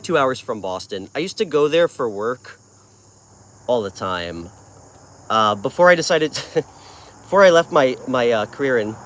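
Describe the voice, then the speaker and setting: Answering comments from his viewers, this New Yorker keeps his live tarot stream casual, friendly, and chatty. He speaks in a mid-range, slightly bright voice against some faint background noise.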